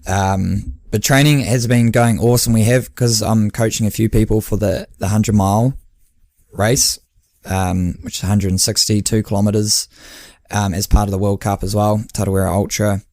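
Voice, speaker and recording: A man's voice: lowish voice, steady tone, moderate pace, darkish tone, no echo, clean studio sound. A man, hosting a casual podcast and telling stories as a running coach, acting out quoted dialogue. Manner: chatty storyteller who acts out quoted dialogue with laughs.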